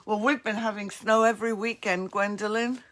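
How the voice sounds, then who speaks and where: A woman's voice: medium pitch, fairly even intonation, moderate pace. A woman with a New Jersey accent, hosting a crafts livestream and chatting casually with viewers in the comments. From northeastern US. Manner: chatty, friendly asides to commenters.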